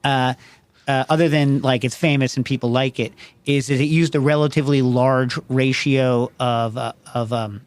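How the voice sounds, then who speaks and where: A man's voice: mid-range voice, fairly even intonation, normal speed, smooth. A man hosting a casual call-in show, rambling and digressive, constantly asking "you know what I mean" as he talks. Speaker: show host.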